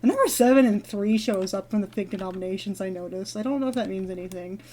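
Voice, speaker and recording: A woman's voice: mid-range voice, quick pace, mellow, slight background noise. A woman vlogger telling a long story in a casual, rambling, giggly way while she plays a game. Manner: rambling, giggly, with many fillers and restarts. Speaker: gaming vlogger.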